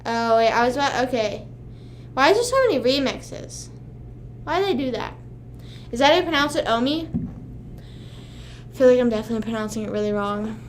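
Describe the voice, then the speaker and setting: A woman's voice: fairly high pitch, lively intonation, moderate pace, long pauses, a little hiss or hum. A young woman hosting a casual livestream, rambling to her chat and swearing often. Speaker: livestream host.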